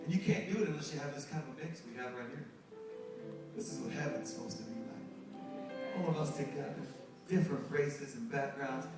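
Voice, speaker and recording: A middle-aged male pastor preaching a sermon, animated and joking with the congregation as he tells stories. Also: fairly high pitch. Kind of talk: sermon with storytelling. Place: church sanctuary. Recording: echoey hall, distant mic, music behind.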